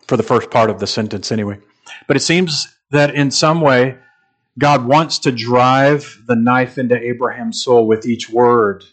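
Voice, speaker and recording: Speaking at a medium pitch, this man preaches as a pastor. His delivery is earnest and measured, with pauses and repeated phrases that rise into emphatic passages.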